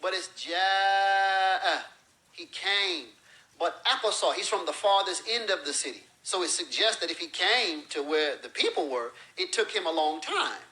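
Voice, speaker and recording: A man gives an explanatory lecture in a bright, fairly high voice. He illustrates his points with everyday examples, acting out short phrases along the way. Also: lively intonation, moderate pace, rough recording. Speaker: religious teacher.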